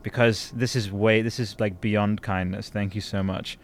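A man hosting a podcast in casual chat, effusive and quick to burst into excited exclamations. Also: lowish voice. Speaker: podcast host.

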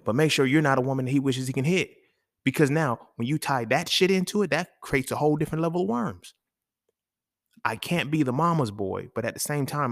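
A man's voice: medium pitch, no room sound, studio quality. A man talking casually and emphatically, with profanity and speech, hosting a solo podcast. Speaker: podcast host.

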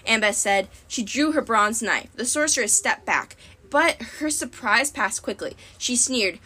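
Woman reading a story out loud, kinda high voice, very expressive. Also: measured pace. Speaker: audiobook reader. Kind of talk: audiobook narration.

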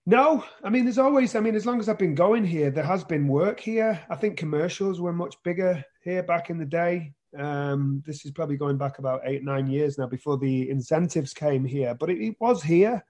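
A man's voice: on the high side, normal speed, hardly any pauses, a little mellow. British man, rambling actor interview. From Britain. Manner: rambling with many restarts. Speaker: actor guest. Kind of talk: casual interview chat.

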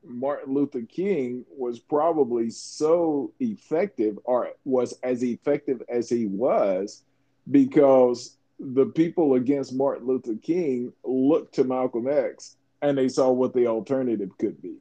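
A man co-hosts a casual podcast, and his voice sits in a warm, mellow register. He talks in a measured, reflective way, often restarting phrases mid-thought. The audio is dull and a little lo-fi. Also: medium pitch. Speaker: podcast co-host.

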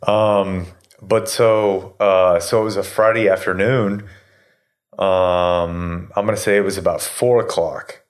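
A man's voice: deep voice, fairly even intonation, slow pace. A man in his thirties telling a story in casual chat, rambling with lots of fillers and swearing. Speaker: podcast host telling a story.

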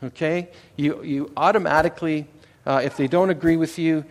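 A man's voice: on the high side, steady tone, normal speed. A middle-aged Canadian man preaching a sermon in a conversational way. He often repeats words and checks in with the congregation. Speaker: pastor.

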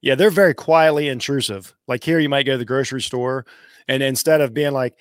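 Guy rambling on a podcast, animated, cusses a bit, dry close sound. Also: mid-range voice, brisk, dry recording. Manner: rambling, animated, swears casually. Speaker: podcast co-host. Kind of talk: casual chat.

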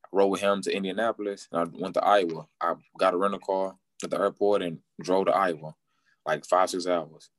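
A man's voice: low-pitched, flat delivery, brisk, dry recording. A man in his twenties, a guest casually telling a story in a slangy, repetitive way and quoting what people said. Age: 20s. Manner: slangy, repeats himself, quotes people.

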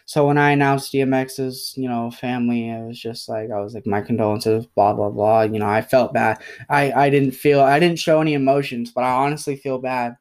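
A young man speaks alone on his podcast, apologizing in a halting way with frequent pauses and ums. His voice is smooth and clear but stays level in pitch, and he sounds emotional as he talks. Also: fairly even intonation. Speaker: podcast host.

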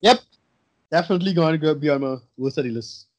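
A man's voice: a little high, fast talker, no room sound. A man in casual podcast chat reviewing a movie, blunt, rambling and profane.

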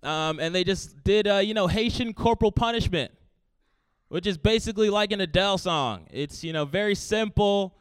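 A man with a high, smooth voice tells a comic story on stage, animated and acting out every quoted line with sudden jumps in pitch and loudness. The sound is dry and close, with little room in it. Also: moderate pace, dry recording. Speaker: stand-up comedian. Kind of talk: stand-up storytelling.

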